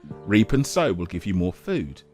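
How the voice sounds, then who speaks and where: A man giving casual, self-mocking commentary over a game he is playing, now and then breaking into a shout. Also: low-pitched, very animated, unhurried, faint music behind. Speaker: gaming YouTuber.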